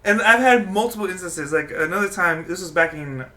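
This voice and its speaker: A man's voice: sits high, a little fast, pushed and bright. A man hosting a podcast in casual chat, telling stories animatedly and laughing often. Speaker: podcast host.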